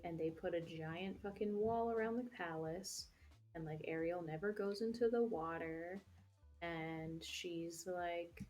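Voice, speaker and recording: While working on crafts during her livestream, this young host rambles through filler-heavy chat and swears frequently. She speaks in a lowish, slightly mellow voice.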